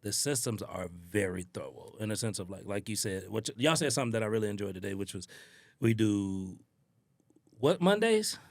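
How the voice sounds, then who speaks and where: A man on a podcast, a sales trainer talking in a casual, animated way and acting out quotes. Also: on the low side, brisk, no room sound. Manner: animated storytelling, acts out quotes.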